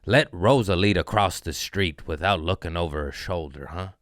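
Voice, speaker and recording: A man with a low, smooth and resonant voice, recorded close and dry, talking through a loose comedy podcast monologue. He riffs casually, mocks himself, and swings into profane, heated rants. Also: normal speed, fairly bright tone, dry recording. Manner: profane ranting with rising outbursts; riffing, self-mocking asides.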